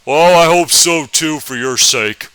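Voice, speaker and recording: A man voicing a big, bloated male history teacher from the South, speaking in a slow, condescending drawl. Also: a little high, fairly bright tone, clean tone, no echo, pitched above the performer's own voice, rough recording.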